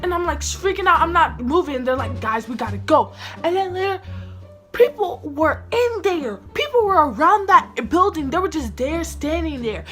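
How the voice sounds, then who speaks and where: A woman telling a personal story in casual story-time style, animated and full of "like" fillers, acting out the people in it with big jumps in pitch.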